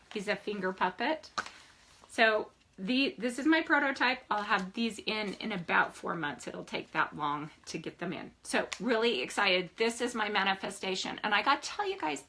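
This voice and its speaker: Bright, enthusiastic older woman coach. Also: medium pitch. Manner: enthusiastic and animated, often laughing. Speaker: life coach. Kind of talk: motivational vlog talk.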